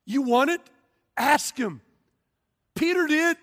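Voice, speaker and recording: A middle-aged man preaching in a church, his voice strikingly high for a man. He tells animated stories, acts out the characters and breaks into sudden shouts. Long reverb trails behind every phrase in the big sanctuary. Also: measured pace. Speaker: pastor. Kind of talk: lively sermon.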